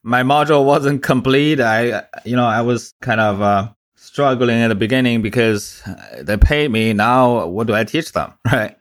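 A man with a Mandarin accent, a guest coach talking plainly and directly in a podcast interview, pausing on fillers. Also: mid-range voice. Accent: Mandarin Chinese.

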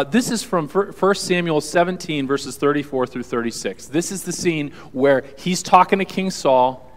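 A man's voice: a little high, big-room sound. A male pastor preaching a sermon to a congregation in an earnest, conversational way. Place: church hall with audience.

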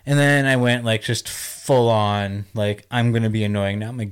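A man's voice: on the low side, steady tone, normal speed, few pauses, clear, resonant tone. A young man co-hosting a podcast, telling a heated story in a fired-up, ranting way. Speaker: podcast co-host. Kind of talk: casual podcast chat.

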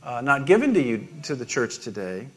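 A middle-aged man preaching a sermon, halting and self-deprecating, with many restarts and small laughs. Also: medium pitch, very animated. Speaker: pastor.

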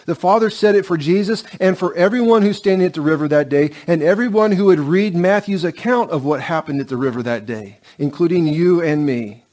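Earnest higher-voiced male preacher. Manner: earnest, emphatic preaching with dramatic slowdowns and hushed lines. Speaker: pastor. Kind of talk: sermon.

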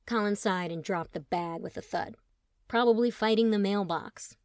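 A woman narrating a story audiobook in an expressive, wry manner. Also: mid-range voice, moderate pace, no room sound, studio quality.

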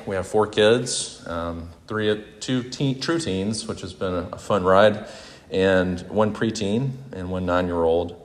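Deep-voiced pastor in a reverberant hall. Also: male voice. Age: 40s. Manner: reflective, confessional, conversational with self-corrections. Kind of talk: sermon.

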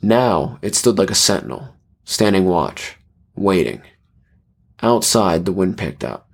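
A man narrating a scripted horror story in a measured way. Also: sits low, animated, creaky.

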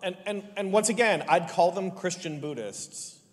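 A man preaching a sermon, telling funny family stories and pressing his point with lively emphasis. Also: sits high, normal speed. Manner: lively, joking, rising to animated emphasis. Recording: long hall reverb.

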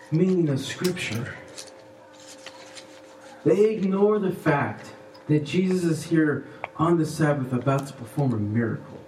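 A man preaching a sermon as pastor, animated, acting out little voices and swinging between hushed and loud. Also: high voice, echoey room, far from the mic, a little hiss or hum, poor audio.

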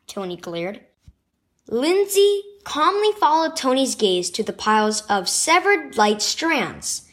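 Animated high-voiced woman storyteller. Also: unhurried. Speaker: devotional reader. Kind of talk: scripted children's devotional narration.

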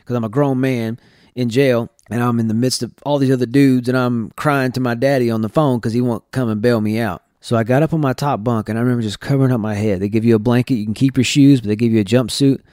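A man's voice: medium pitch, steady tone, fast, darkish tone, no room sound, clean studio sound. A man from Texas candidly telling his personal testimony as a podcast host, earnest and full of restarts.

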